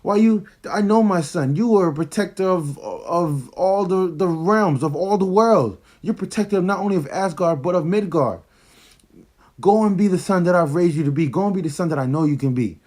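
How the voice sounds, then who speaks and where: A man's voice: high-pitched, moderate pace, darkish tone. A man voicing a stern, loving queen mother who scolds and urges her son in slangy words. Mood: scolding, encouraging.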